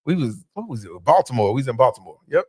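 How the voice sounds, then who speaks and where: A man chats on a podcast in a loose, joking way, his words full of fillers and restarts. His voice sits at a middle pitch. The sound is dry and close to the mic. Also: big pitch swings, quick pace, darkish tone, breathy edge, dry recording. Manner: laid-back, joking, with frequent fillers and restarts. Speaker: comedian guest. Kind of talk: casual podcast chat.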